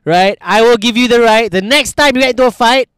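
A man with a Malaysian English accent and a fairly high voice chats in a relaxed way, dropping in quick agreements. The recording is close and dry. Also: clean tone, no echo. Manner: laid-back, quick agreeing interjections. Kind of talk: casual podcast chat.

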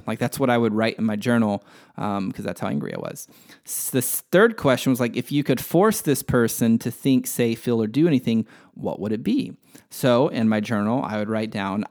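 A man's voice: medium pitch, moderate pace, darkish tone. A man hosting a spiritual podcast, teaching in a casual, candid way and swearing freely as he talks through a personal example. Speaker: podcast host.

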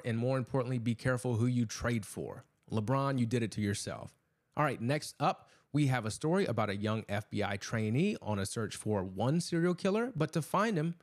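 A man hosting a show, giving scripted narration in a dramatic storytelling tone. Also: mid-range voice. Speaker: host.

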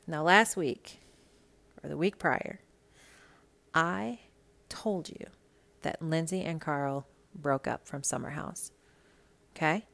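Speaking slowly with frequent pauses, a Minnesota woman runs her gossip podcast as a loose, casual monologue. Her voice is low with lots of vocal fry yet fairly bright in tone. She comes across blunt and sassy, swearing freely.

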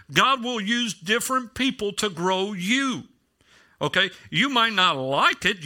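A man's voice: high voice, sharp tone. A middle-aged male pastor preaching a sermon in a casual storytelling way, with self-deprecating humor.

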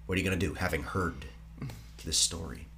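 A man co-hosting a casual film podcast, retelling the plot dramatically and dropping to soft whispers. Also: deep voice, brisk, gravelly, a little hiss or hum. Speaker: podcast co-host.

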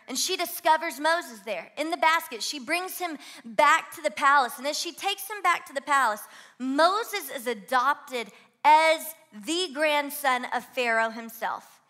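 A young woman from Louisiana with a Southern twang, preaching an energetic sermon as guest pastor and urging the congregation to join in. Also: high voice, a little slow. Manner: energetic, exhorts the crowd to shout along. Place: church auditorium.

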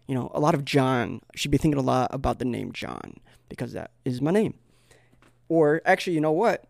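A man's voice: medium pitch, lively intonation, brisk, creaky, no echo, clean studio sound. A man talking to camera in a rambling, comedic vlog, full of fillers and digressions, with bursts of mock-insulting sarcasm. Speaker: vlogger.

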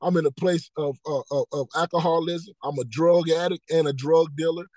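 A man in his thirties with a notably high speaking voice gives his personal testimony as a podcast guest. He tells it earnestly, repeats key phrases and acts out the dialogue. The recording is dry and close. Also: fairly even intonation, normal speed, darkish tone, no room sound, rough recording. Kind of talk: personal testimony in casual interview.

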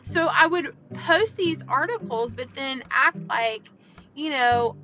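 A woman's voice: high voice, lively intonation, slow, pushed and bright. A woman hosting a podcast, talking in an earnest, encouraging way and often asking "right?" and "you know". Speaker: podcast host. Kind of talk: motivational podcast monologue. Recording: dull lo-fi sound with music behind.

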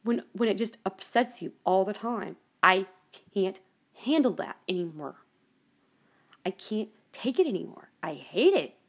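A woman's voice: medium pitch, lively intonation, unhurried. A woman hosting a personal monologue podcast, ranting angrily and swearing heavily, with many restarts and trailing asides. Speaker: podcast host.

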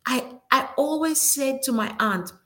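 Reflective woman host, soft at times. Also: high voice, measured pace. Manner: reflective, affirming, drops into near whispers. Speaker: talk show host. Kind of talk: casual chat.

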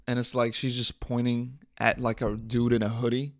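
A young man hosts his own podcast, talking off the cuff with crude, irreverent jokes. His voice carries a gravelly fry at mid pitch. The sound is dry and close to the mic. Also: little pitch movement, normal speed, no room sound. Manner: joking, irreverent, swears a lot, laughs at own bits. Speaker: podcast host. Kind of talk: casual solo podcast rant.

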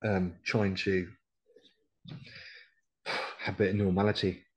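Slow and flat in delivery, a middle-aged UK veteran of the RAF Regiment, decorated, tells his story in a casual podcast interview, bluntly, with plenty of swearing and quotes from others. His voice is low-pitched and a little mellow, and the recording is muffled.

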